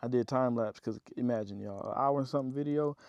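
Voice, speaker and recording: A man's voice: medium pitch, fast talker, a little mellow, dry recording, dull audio. A man vlogging from his off-grid homestead, rambling casually to his viewers and worn out from digging. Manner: rambling, talkative, addresses viewers as y'all. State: tired after digging.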